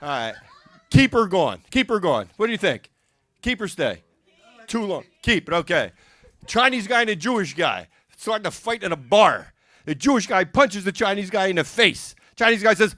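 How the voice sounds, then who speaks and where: A man with a high, very lively voice tells stand-up jokes one after another, slipping in quick character voices. His tone is bright and forceful. The sound is dry and close, with little room echo. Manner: rapid-fire joke delivery with character voices. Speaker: stand-up comedian. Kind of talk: stand-up joke telling. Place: music and arts center stage.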